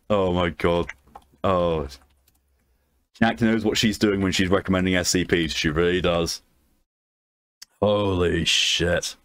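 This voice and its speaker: A man's voice: low voice, no echo. Man reading aloud on a stream. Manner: reads aloud, breaks off to swear and react.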